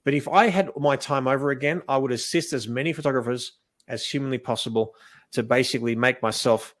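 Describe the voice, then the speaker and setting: A man teaching wedding photography in a casual, animated way, acting out what he says to couples and often restarting his sentences. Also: mid-range voice, fairly quick. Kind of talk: casual coaching talk.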